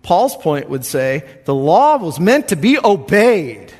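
Husky, animated preacher in a hall. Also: male voice, on the high side, slow. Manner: earnest, conversational preaching with dramatic quoted voices. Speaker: pastor. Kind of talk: sermon.

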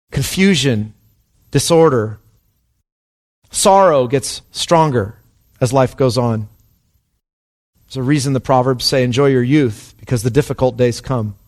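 A man preaching a sermon with passion, his delivery dropping to hushed and rising to soaring. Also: medium pitch. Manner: impassioned, swings between hushed and soaring. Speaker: pastor.

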